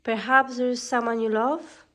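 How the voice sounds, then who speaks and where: A woman's voice: a little high, fairly even intonation, moderate pace, fairly bright tone, lightly acted. A woman putting on a sly old peddler hag. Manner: wheedling, calls listener dearie. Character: wicked queen disguised as old peddler woman, sly and coaxing. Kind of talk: storybook reading.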